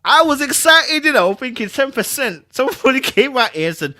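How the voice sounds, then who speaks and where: A young man hosting a casual livestream, reading comments from his chat. He talks in slang, gets excitable and laughs often. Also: very high voice, fairly quick, hardly any pauses, no room sound, studio quality. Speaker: livestream host.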